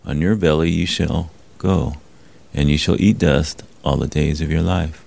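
A man in a class reading a scripture passage aloud, with a gravelly voice. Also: very deep voice, fairly even intonation, a little slow, darkish tone. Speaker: student.

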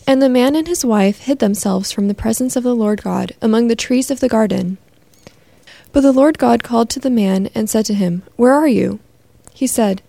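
A woman in a class reading a scripture passage aloud, with a slightly gravelly voice. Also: on the high side, warm tone, no room sound. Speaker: student.

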